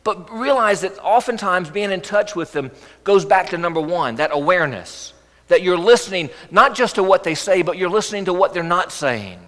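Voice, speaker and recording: A man preaching a sermon as pastor, earnest and gently coaxing, often asking rhetorical questions. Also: high-pitched, lively intonation, normal speed. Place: church sanctuary. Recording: echoey church hall.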